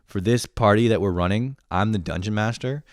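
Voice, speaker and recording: Brisk and profane, a young vlogger in his twenties rants for laughs, cursing a lot and laughing often with plenty of animation. His voice is lowish, and the clean studio recording has no room sound.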